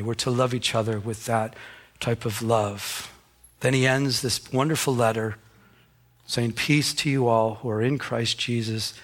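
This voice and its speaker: Husky guy pastor preaching, talks like he's telling a story to friends. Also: mid-range voice, a bit bright. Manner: conversational preaching, acts out anecdotes. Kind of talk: sermon.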